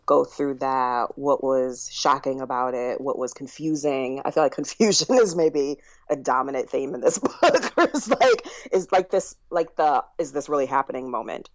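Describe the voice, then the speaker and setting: A woman's voice: rumbling low, moderate pace, hardly any pauses, dry recording, highs cut off. A woman who is an author, talking as a podcast guest in a reflective way and laughing often. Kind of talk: interview conversation. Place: lives in Michigan.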